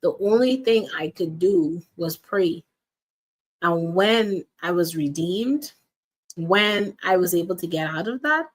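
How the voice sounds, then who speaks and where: A woman with a somewhat low voice delivers a faith-based motivational monologue as a life and wellness coach. She speaks earnestly and directly to her listeners, circling back to repeat her key lines. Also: expressive, slow.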